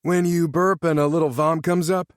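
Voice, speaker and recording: A man doing a loud goofy teenage boy. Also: normal speed, no room sound, studio quality, close to an everyday voice. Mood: excited. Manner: yelling, excitable, high-pitched.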